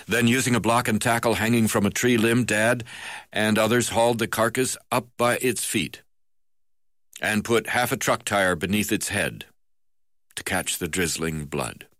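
A man narrating a memoir in the first person, halting now and then with "uh" fillers. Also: fairly low pitch, fairly bright tone, no room sound, studio quality.

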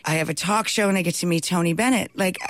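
A woman being interviewed, telling stories in an animated way and laughing often. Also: fairly low pitch, fast talker, dry recording. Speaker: guest, talk show host and cookbook author. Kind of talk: anecdotal storytelling in an interview.

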